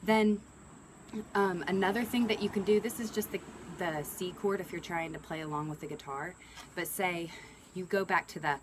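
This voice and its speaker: A woman giving a relaxed music lesson, explaining strum patterns and counting beats aloud. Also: lowish voice, moderate pace, poor audio. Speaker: ukulele and guitar teacher. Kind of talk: instructional lesson. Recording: ukulele playing loud under the voice.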